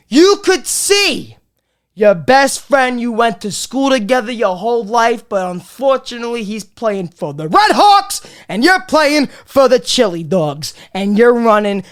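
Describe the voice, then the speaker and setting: Profane New comic ranting. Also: mid-range voice. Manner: profane, rambling, swings between loud bits and muttered asides. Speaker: comedy podcast host. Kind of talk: comedic rant.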